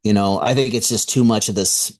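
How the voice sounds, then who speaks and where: A man, an author and guest on a radio interview, telling a story in an animated way, acting out the voices he quotes and chuckling between remarks. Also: fairly low pitch, fairly quick.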